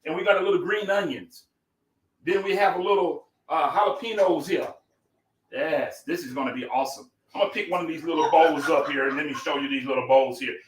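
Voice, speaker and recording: A man's voice: fairly high pitch, a little fast, reverberant, low-quality recording. A man hosting a casual live cooking stream, folksy and effusive, greeting his viewers by name.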